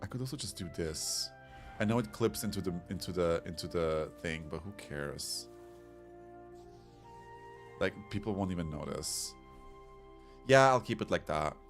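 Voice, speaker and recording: A man's voice: low voice, expressive, a little slow, pauses often. A man streaming a game, chatting casually and rambling as he reads chat comments aloud. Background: soft background music.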